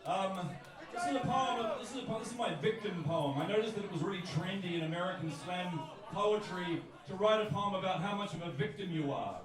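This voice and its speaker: High-voiced New Zealand poet in an echoey club. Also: male voice, lively intonation, a little fast, a crowd in the background. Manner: rhythmic, punchy wordplay with repetitions. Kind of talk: live spoken-word poetry performance. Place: live music bar on stage. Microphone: stage microphone. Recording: echoey club heard from a distance.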